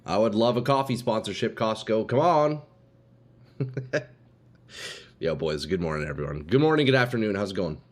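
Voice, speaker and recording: Fairly low and sing-song, this man's voice moves quickly with few pauses. He's a game streamer casually chatting to his audience in slang, calling them "dude" and "boys."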